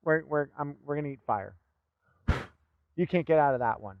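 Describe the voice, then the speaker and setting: A man performing a comic fire act, talking theatrically and bossily and now and then bursting into shouts. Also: a little high, normal speed, no room sound, narrow, tinny audio. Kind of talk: comic stage patter.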